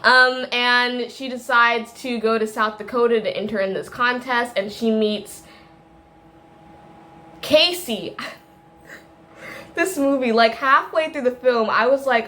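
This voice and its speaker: A woman's voice: a little high, sharp tone. A woman reviewing a film in a casual, rambling monologue, full of tangents, fillers and self-corrections, laughing often. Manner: laughs often while talking.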